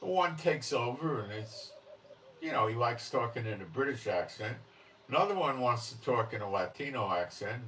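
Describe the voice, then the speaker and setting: A man's voice: lowish voice, a bit bright, distant mic, slight background noise, rough recording. A man hosting religious commentary, talking in a blunt, emphatic, unscripted way and often checking in with the listener.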